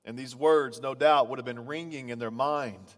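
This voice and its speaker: A man's voice: medium pitch, steady tone, normal speed. A male pastor giving a sermon in a church, telling stories in a conversational way and often repeating his first words. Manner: conversational storytelling preacher, repeats starting words. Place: church auditorium. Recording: long reverb of a large hall.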